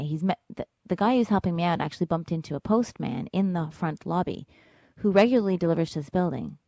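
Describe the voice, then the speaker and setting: Low-voiced woman telling a dramatic story. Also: no echo. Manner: vivid, dramatic, ranging from hushed to loud. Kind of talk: first-person storytelling.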